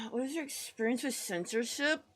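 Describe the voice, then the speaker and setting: This American streamer has a high, animated voice at normal speed as she draws live and chats casually. Rambling and self-mocking, she mutters to herself and says friendly hellos to her chat.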